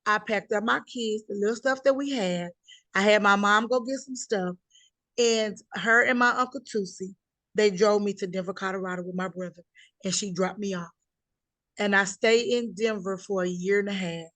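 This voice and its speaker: A middle-aged woman telling her life story in an interview, emphatic and animated, acting out the voices of the people she quotes. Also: mid-range voice, moderate pace, no room sound. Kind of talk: conversational interview.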